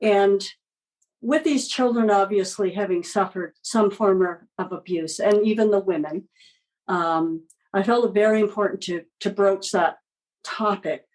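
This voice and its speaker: Woman, children's author guest; gentle, expressive storyteller, medium pitch. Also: measured pace, rough recording. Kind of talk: podcast interview storytelling.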